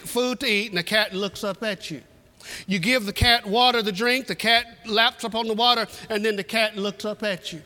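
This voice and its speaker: High-voiced preacher in a reverberant hall. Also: male voice, pushed and bright. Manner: folksy, repetitive storytelling with humor. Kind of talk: sermon. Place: church sanctuary.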